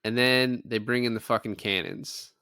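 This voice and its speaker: A man's voice: mid-range voice, steady tone, normal speed, bright, forceful tone, smooth, no echo, clean studio sound. A man co-hosting a casual podcast, animatedly retelling a film's plot and quoting characters in offhand voices. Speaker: podcast co-host. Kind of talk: casual chat.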